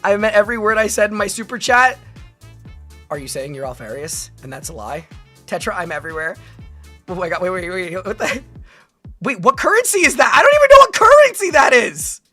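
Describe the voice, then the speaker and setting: Bright-voiced woman streamer reading chat. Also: on the low side, slightly rough, soft background music. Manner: animated, rambling, quick to laugh. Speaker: VTuber streamer. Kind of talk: casual live-stream chat, reading viewer comments.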